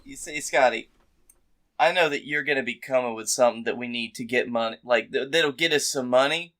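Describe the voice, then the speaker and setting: A man co-hosting a comedy podcast, chatting casually and dropping dry, quick comic asides. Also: medium pitch, bright, forceful tone. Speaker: podcast co-host.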